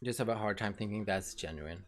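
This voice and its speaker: A woman with a very deep voice chats casually on her livestream, talking a little fast. She's frank, swears freely, and speaks directly to her chat.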